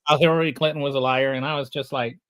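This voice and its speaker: A man's voice: medium pitch, fast talker. A middle-aged man hosting a podcast, telling a casual, rambling story full of fillers. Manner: animated anecdote teller, rambling with filler words. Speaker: podcast host.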